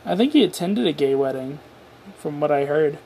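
A man's voice: a little high, lively intonation, normal speed, dark tone, a little hiss or hum. A tired man hosting his own podcast, rambling through a casual solo rant with offhand swearing and self-deprecating asides. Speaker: podcast host.

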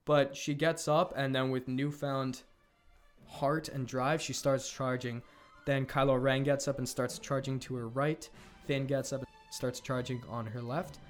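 A man casually retelling a film story as a podcast co-host, laughing often and tossing in quick character quotes. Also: mid-range voice. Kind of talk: casual animated storytelling chat.

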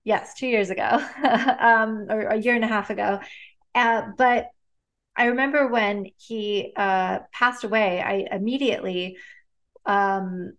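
A woman's voice: mid-range voice, fairly even intonation, slow pace, fairly bright tone. Chatty woman telling personal stories. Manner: chatty, lots of "like" and "um", laughs often. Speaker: guest, neuroscientist and author. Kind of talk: casual storytelling in a conversation.

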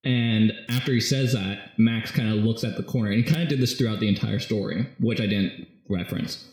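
A man in casual chat, animatedly retelling a comic story and slipping into quick quoted voices. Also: on the low side, a little mellow. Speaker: podcast co-host recapping a comic. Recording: echoey room.

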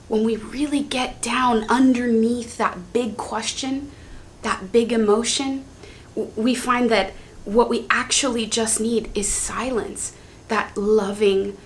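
A woman teaching on prayer in an earnest, gentle way, speaking heartfelt prayers aloud as examples. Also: on the high side, a little hiss or hum.

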